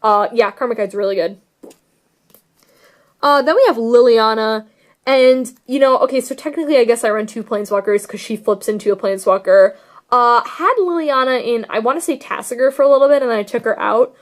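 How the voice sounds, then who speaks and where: A young woman, a card game vlogger, talks a little high and a little fast. She casually gushes about her card deck, rambling with lots of fillers in a relaxed deck tech chat.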